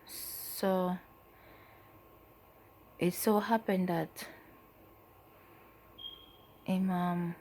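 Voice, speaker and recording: A woman giving a personal testimony as a mother, in a soft, halting, emotional way that often trails off. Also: on the low side, fairly even intonation, a little hiss or hum. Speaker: mother telling her story.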